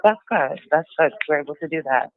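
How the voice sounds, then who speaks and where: A woman's voice: low-pitched, animated, a little fast. A woman calling in to a talk show who pushes back on the host with questions. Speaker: caller. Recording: tinny phone line.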